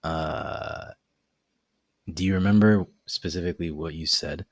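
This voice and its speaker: Very deep-voiced man in a podcast chat. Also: unhurried, no room sound, clean studio sound. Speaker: podcast co-host. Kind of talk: casual podcast discussion.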